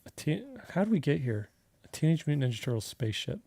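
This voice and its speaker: A man's voice: on the high side, very animated, fast, gravelly, warm tone, slightly rough, no room sound. A man hosting a live drawing stream, chatting casually and telling a long rambling story full of fillers. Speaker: artist livestream host. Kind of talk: casual livestream chat while drawing.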